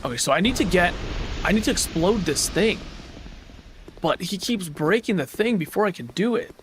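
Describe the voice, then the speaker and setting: A young man live-streaming a video game, swinging from low mutters to sudden yelps and shouts. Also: expressive, normal speed. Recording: noisy background.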